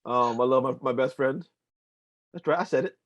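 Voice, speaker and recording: A man's voice: medium pitch, moderate pace, no room sound, muffled recording. A young adult man co-hosting a casual comics podcast, rambling in loose chat with lots of filler and the odd swear. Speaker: podcast co-host.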